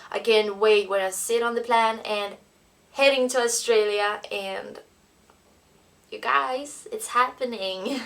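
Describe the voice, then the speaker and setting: A young Swedish woman in her twenties tells a heartfelt personal story straight to camera in a vlog. Her English is slightly non-native and full of "uh" and "um". Her mid-pitched voice carries a noticeable gravelly fry. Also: fairly bright tone. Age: 20s. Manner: emotional, earnest, non-native phrasing with frequent fillers. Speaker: vlogger. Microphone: camera mic.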